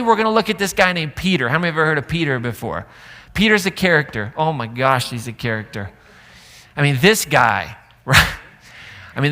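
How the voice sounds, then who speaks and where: A male pastor preaches in an animated, joking, conversational manner. His voice is bright and fairly high, and its pitch moves a great deal. A long church reverb trails after each phrase. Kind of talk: sermon.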